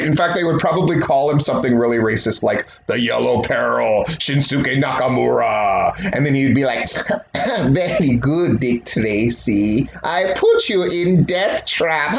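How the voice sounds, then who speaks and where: A man hosting a casual solo commentary show, talking in a sarcastic, rambling, jokey way. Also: a little high. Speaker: wrestling podcast host. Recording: roomy, dull recording with faint hiss.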